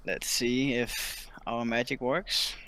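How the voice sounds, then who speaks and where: A man narrating a tabletop game as dungeon master over a voice call, hesitant with many pauses. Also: medium pitch, fairly even intonation, sharp tone. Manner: hesitant, many ums and restarts.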